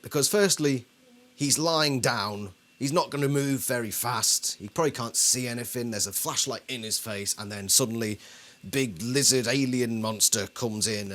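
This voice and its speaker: A man's voice: medium pitch, fairly bright tone. A man hosting a casual commentary video, talking things through and asking his viewers questions. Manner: conversational, asks the audience questions. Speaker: video host.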